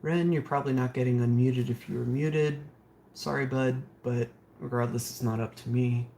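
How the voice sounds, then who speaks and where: A man chatting casually on a live stream, reading out viewer comments and answering them in a loose, rambling way. His voice sits at an ordinary middle pitch. There is a faint hum of noise behind him. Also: steady tone, normal speed, vocal fry, dark tone. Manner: rambling, with frequent fillers. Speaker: streamer building game consoles.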